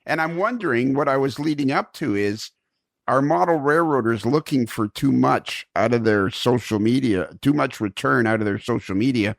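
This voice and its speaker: Gravelly low guy hosting a podcast, kinda rambly, dry close mic. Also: expressive, normal speed, dry recording. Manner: rambling, searching for words, chuckles while telling stories. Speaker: podcast host. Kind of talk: casual conversational interview.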